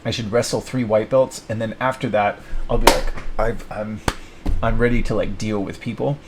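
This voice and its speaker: A man's voice: on the low side, fairly even intonation, moderate pace, very noisy. A young man thinking aloud at his desk, rambling and self-mocking as he plans his week. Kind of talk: rambling solo self-talk.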